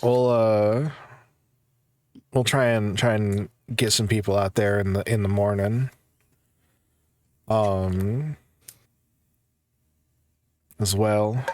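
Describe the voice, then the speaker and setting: A man running a tabletop game as game master, slow and halting, with many restarts. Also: lowish voice, fairly even intonation, darkish tone, no echo.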